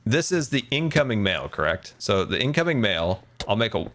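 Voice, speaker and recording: Man, 30s, game streamer, playful, animated pitch, faint background noise. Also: normal speed. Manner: playful, theatrical, chatty. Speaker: Minecraft streamer. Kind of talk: casual gaming stream chat.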